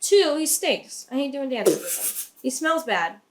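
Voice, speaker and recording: A woman's voice: high voice, very animated, a little hiss or hum. A young woman co-hosting a podcast, blunt and sweary in casual chat. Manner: blunt, sweary, quick to laugh. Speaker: podcast co-host, dancer.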